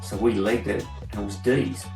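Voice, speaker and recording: An Australian man with a low voice tells long, rambling stories as a podcast guest. He sounds set back from the mic in a roomy space, with faint music underneath. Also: fairly even intonation, normal speed, distant mic. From Seven Hills, Sydney, Australia. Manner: rambling anecdotal storyteller, acts out quotes. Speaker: guest graffiti artist. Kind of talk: casual storytelling interview.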